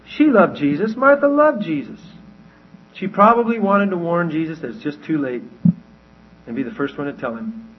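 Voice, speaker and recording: A man's voice: on the high side, lively intonation, normal speed, husky. A man teaching verse by verse from the Bible in a conversational way, often asking his listeners questions. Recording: dull lo-fi recording.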